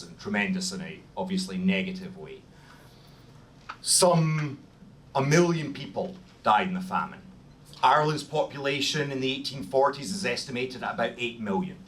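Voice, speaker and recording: A man's voice: medium pitch, fairly bright tone. A man with a Scottish accent giving a history lecture to a group, self-deprecating, with lots of ums and restarts. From Scotland. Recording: distant mic in a room with faint noise.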